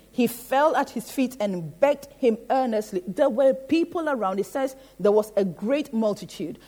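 Mellow-voiced woman preaching a sermon. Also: fairly high pitch. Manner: rhetorical, repeats "Amen?" to the congregation. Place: church.

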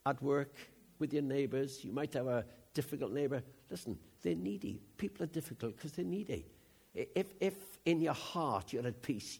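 An older preacher in his seventies tells stories from the pulpit in a conversational, animated way. His voice is somewhat husky and sits a bit high for a man. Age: 70s. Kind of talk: sermon.

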